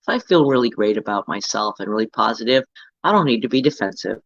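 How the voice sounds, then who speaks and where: A man's voice: on the low side, expressive, fast, a bit bright, no echo, highs cut off. A man hosting a casual self-help talk, coaching earnestly and often checking in with "right?". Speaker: host.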